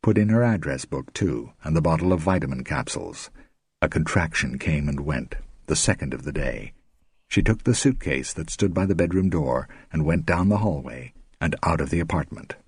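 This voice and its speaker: A man narrating an audiobook in a steady, measured way. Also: extremely low pitch, husky, no room sound. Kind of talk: scripted narration.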